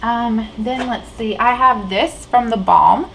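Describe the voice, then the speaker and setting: A woman's voice: on the high side, slow, vocal fry, a bit bright, slight background noise, low-quality recording. A woman vlogging about beauty products in a rambling, chatty way, full of fillers and restarts, while sitting at a table indoors. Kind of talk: casual chat.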